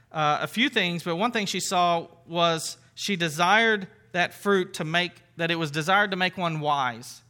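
A man's voice: high voice, bright, forceful tone. A man preaching as a pastor in a conversational sermon, earnest and playful, often restarting his sentences.

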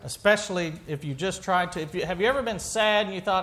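Male pastor with a high voice, chatty sermon style, asks the room questions and restarts sentences. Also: brisk, few pauses, fairly bright tone.

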